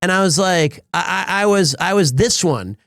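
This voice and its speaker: Guy streaming, rambles and restarts a lot, kinda high voice. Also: animated, moderate pace, fairly bright tone, no room sound, clean studio sound. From United States. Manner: rambling storyteller with frequent restarts. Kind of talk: casual stream chat.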